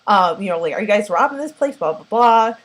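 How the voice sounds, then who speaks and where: A woman's voice: mid-range voice, a little fast, low-quality recording. A woman casually recapping a horror film plot, rambling with lots of filler words and acting out characters' lines. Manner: animated, acts out characters' lines. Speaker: movie reviewer.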